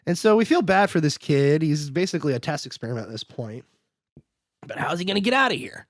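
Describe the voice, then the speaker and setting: A man's voice: fairly high pitch, big pitch swings, fast talker, dry recording, studio quality. A man hosting a podcast, recapping a film in rambling casual chat packed with "like" and acted-out quotes. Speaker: podcast host.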